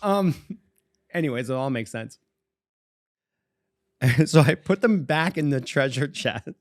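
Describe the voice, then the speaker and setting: A Bostonian man in his forties co-hosts a podcast, spinning a long, meandering personal story and chuckling often. His medium-pitched voice has lively intonation and an unhurried pace. The recording is dry and studio quality.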